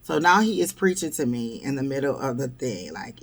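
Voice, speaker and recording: Woman ranting about dating on her vlog, kinda gravelly, blunt and fed up. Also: very deep voice, big pitch swings, moderate pace, few pauses. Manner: wry, blunt, exasperated, peppered with "blah, blah". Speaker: vlogger. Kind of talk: casual storytelling vlog.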